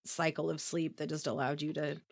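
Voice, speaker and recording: A woman's voice: low-pitched, flat delivery, fairly quick, gravelly. A woman co-hosting a podcast, telling a story in a heated, profane rant. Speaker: podcast co-host. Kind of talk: casual chat.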